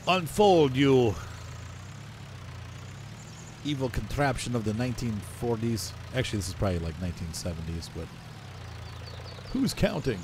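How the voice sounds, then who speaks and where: Lively, chatty man playing a farm game. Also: a little fast, background noise. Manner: chatty, self-mocking, jumps into playful high exclamations. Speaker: gameplay commentator. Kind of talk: casual let's-play commentary.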